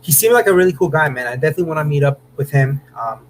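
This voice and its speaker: A man's voice: on the high side, expressive, very fast, slight background noise, low-quality recording. A man from Southern California hosting a casual live stream, chatting with viewers in a laid-back way and tossing in "man" and "bro" often. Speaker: host of a car channel livestream. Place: home room.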